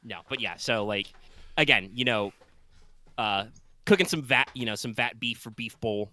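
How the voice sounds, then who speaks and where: A man's voice: mid-range voice, normal speed, sharp tone, dry recording. A man playing a tabletop game, describing scenes in a rambling, filler-heavy way. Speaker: player. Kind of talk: casual tabletop play.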